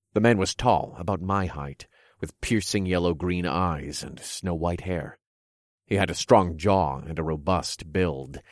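A man giving dramatic, steady first-person audiobook narration. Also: low-pitched, dry recording, clean studio sound.

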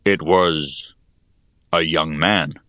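A burly, plain-spoken ditch digger, voiced by a male narrator, calm and unhurried. His deep voice stays low and steady. The recording is close and dry. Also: no echo, heavily acted. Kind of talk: audiobook character voice.

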